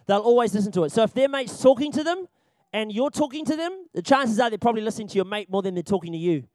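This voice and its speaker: With a high voice, a young man gives a training talk at church on ministering to children. He's lively and playful, laughs frequently, and keeps repeating his main points so they stick. The recording is dry.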